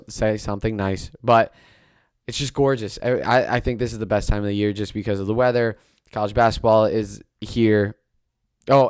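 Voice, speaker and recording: A young man hosting a casual solo sports podcast, rambling and excitable, often restarting his sentences. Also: medium pitch, clear, resonant tone, no echo, studio quality.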